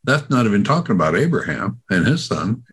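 A man's voice: fairly low pitch, sing-song, a little fast, fairly bright tone, husky. A man in casual podcast chat, adding dry remarks and backing up his co-host.

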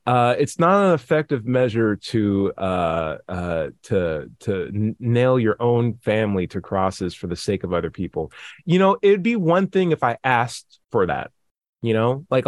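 Man, podcast co-host, casual chat, animated pitch, sarcastic, dry sound. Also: no room sound. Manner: animated, sarcastic, acts out quotes in mocking voices.

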